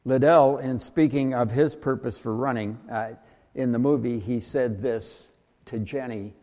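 A male preacher delivers a sermon in a slow, unhurried cadence, often restarting his phrases. His voice is mellow and relaxed, and a long reverb from a large hall trails behind every word. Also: mid-range voice. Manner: slow, halting delivery with many restarts and fillers. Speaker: pastor.

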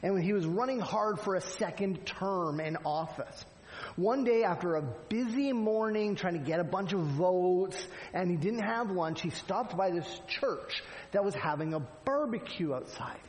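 High-voiced preacher in a reverberant hall. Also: male voice, animated, unhurried. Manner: conversational preaching, frequent "right?" asides, acts out quoted lines. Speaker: pastor. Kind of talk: sermon.

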